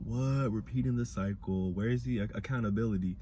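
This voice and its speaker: A young man with a Black dialect, giving a sassy, animated casual review of a reality show. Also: fairly quick, hardly any pauses, slight background noise. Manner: animated, sassy, mimics cast members in high voices. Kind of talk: casual commentary.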